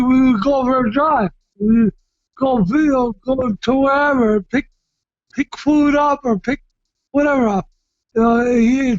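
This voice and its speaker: A middle-aged man from Massachusetts, a retired boxer telling stories in an interview, loud and excitable, often shouting and restarting his sentences. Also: very high-pitched, dry recording, lo-fi sound. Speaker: retired heavyweight boxer, guest. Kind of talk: casual storytelling interview.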